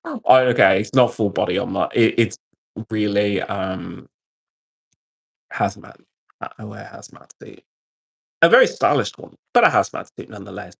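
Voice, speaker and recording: A man's voice: lowish voice, moderate pace, creaky, pauses often, husky. A man who is a military veteran, telling stories and ranting profanely to his live-stream chat. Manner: profane, animated storytelling.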